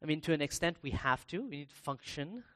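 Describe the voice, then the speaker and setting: A man preaching a sermon in a conversational way, pausing and restarting as he reads scripture aloud. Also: on the high side. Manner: bursts into loud, excited acted-out exclamations.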